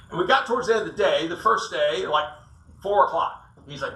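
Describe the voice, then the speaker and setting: A South Carolina sales coach with a high, fairly quick voice and sharp tone gives a casual talk to an audience, with slight background noise. He tells stories, acts out quotes, and drops folksy asides. A distant room mic in a roomy event hall makes him sound echoey and far off.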